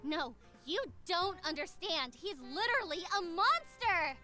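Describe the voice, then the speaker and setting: A woman voicing a gloomy, hot-headed young magical girl who whines and yells during a dramatic visual novel reading. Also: extremely high pitch, very animated, a little slow, faint music behind, voice pushed up, heavily acted. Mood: frantic. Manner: whiny, self-pitying, bursts of yelling.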